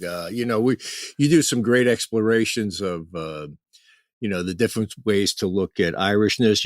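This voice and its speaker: Low-voiced man asking encouraging questions. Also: no room sound, studio quality. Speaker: podcast co-host. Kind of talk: conversational interview.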